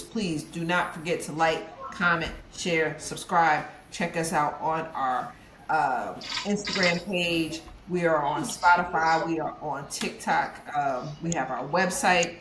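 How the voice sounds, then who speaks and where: An excited co-host thanking podcast listeners in a drawn-out, slangy way. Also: medium pitch. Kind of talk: casual podcast chat. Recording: echoey room with clear noise.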